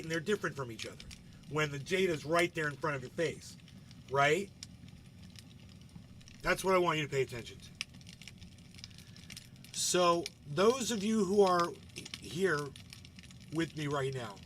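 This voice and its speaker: A man's voice: on the high side, fairly bright tone, slight background noise. A man hosting a casual live show, rambling and swearing as he comments, often tagging his sentences with a questioning "right?" to his chat. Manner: rambling, profane, keeps asking "right?". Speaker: livestream host.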